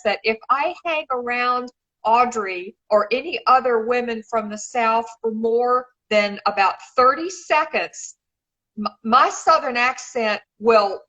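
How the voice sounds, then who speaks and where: Over a muffled recording, a fairly high, bright, pushed female voice gushes during casual live-stream chat, calling people darling. The speaker is a middle-aged shoe designer and regular guest from Memphis, Tennessee, USA.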